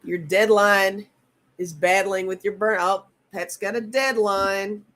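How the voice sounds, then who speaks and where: A woman in her fifties hosting a live tarot stream, talking in a halting, earnest way and reading viewer comments aloud. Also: mid-range voice, steady tone, fairly bright tone. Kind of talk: casual live-stream chat.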